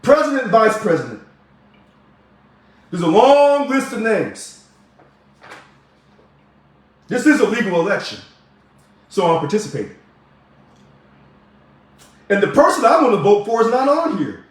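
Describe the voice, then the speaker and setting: Man, argumentative commentary vlogger, high voice, heavy room echo. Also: very animated, measured pace, long pauses. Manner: emphatic, preachy, argumentative. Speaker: video blogger. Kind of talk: direct-to-camera political commentary. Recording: very echoey room.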